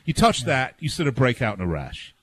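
A man's voice: medium pitch, sing-song, a little fast, husky. A man co-hosting a sports talk radio show, joking and teasing in casual studio banter. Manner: joking, teasing, laughs at own jokes. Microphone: studio microphone.

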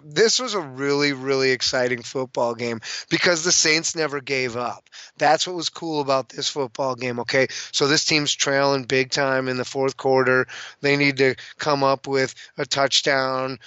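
A man giving a casual, excitable sports recap, ranting with fillers and restarts. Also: medium pitch, smooth, dry recording, muffled recording. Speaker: sports commentator.

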